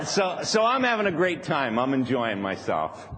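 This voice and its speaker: A man's voice: a little high, very animated, unhurried, hardly any pauses. Casting note: male seminar speaker, playful and chuckling, acts out small voices for his audience, recorded live in a large hall with long reverb and a faint room hiss. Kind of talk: live workshop talk to an audience.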